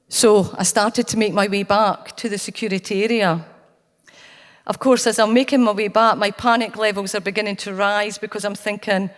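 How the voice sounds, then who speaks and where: A Scottish woman speaking at a conference, telling a personal anecdote with earnest, anecdotal warmth. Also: mid-range voice. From Scotland. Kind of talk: storytelling keynote talk. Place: conference hall. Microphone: handheld or stage mic, cutting out. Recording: long hall reverb.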